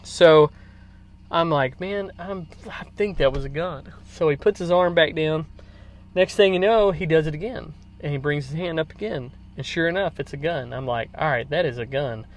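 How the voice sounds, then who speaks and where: A podcast host talks through a personal story in a loose, unscripted way. His voice sits a touch high for a man, and he wanders, repeats himself and leans on fillers as he goes. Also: moderate pace. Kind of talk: casual storytelling.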